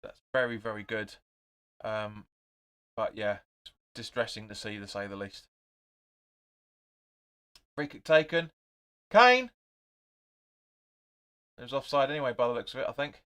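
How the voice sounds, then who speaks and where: A young man hosting a live football watch-along, calling the play in short bursts, reading out viewers' comments and getting excited and swearing at his team. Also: fairly low pitch, normal speed, pauses often, clear, resonant tone.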